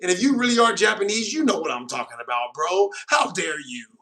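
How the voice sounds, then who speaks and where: A man's voice: high-pitched, fast. An American man hosting a casual stream, reading viewer comments aloud with mock outrage and calling people bro. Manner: joking, mock-offended, calls viewers bro. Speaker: host.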